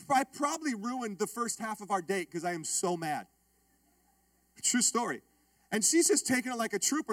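A male pastor telling a funny story in his sermon, joking with and calling out to the congregation in a lively way. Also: very high-pitched, no room sound. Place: church.

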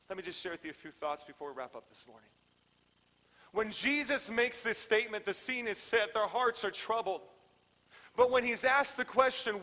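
A man preaching a sermon as a pastor, repeating phrases and swinging from loud proclamations to hushed asides. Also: sits high, normal speed, big-room sound.

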